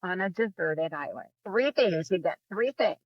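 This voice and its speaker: A woman's voice: fairly low pitch, expressive, normal speed, muffled recording. A woman co-hosting a podcast, bantering playfully in casual chat. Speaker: podcast co-host.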